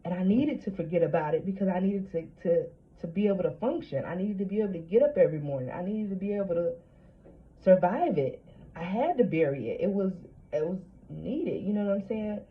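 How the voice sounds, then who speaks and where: A woman's voice: lowish voice, a little fast. A woman in her late thirties talking candidly and bluntly about trauma, swearing freely and often restarting her phrases. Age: late 30s. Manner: frank, profane, repeats and restarts phrases. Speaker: vlogger. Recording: dull lo-fi audio with steady hum.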